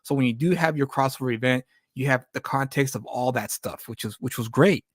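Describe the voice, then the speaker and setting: A man's voice: mid-range voice, a little fast, no echo, clean studio sound. A man hosting a casual live-stream chat, rambling and restarting his sentences with repeated words. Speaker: podcast host and comic creator.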